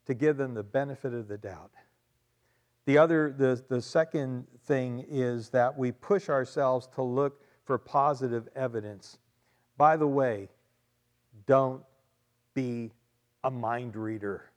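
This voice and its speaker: A man's voice: medium pitch, darkish tone. A man preaching a sermon as pastor, emphatic and conversational, often repeating key phrases and adding asides to his congregation.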